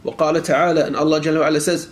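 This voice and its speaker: A man teaching a lecture class on a creed text. He questions his students directly, repeats phrases for emphasis and recites Arabic verses quickly. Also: on the high side, little pitch movement. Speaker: Islamic teacher.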